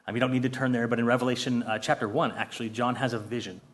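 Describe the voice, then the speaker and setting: A man's voice: mid-range voice, fairly even intonation, very fast. Earnest middle-aged man leading Bible study. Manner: earnest and heartfelt, conversational with many fillers and restarts; reads scripture aloud, asks the group questions. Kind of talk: casual Bible study teaching.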